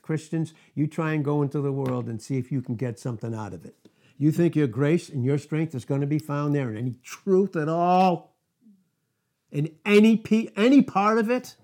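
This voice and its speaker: A man's voice: fairly high pitch, normal speed, mellow. A man preaching a sermon, pressing his listeners with repeated rhetorical questions and emphatic calls.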